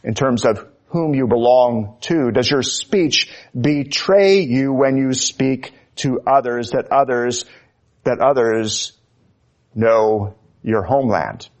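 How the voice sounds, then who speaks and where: A man preaching a sermon, slow and emphatic, his voice rising when he quotes Scripture. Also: medium pitch. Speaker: pastor.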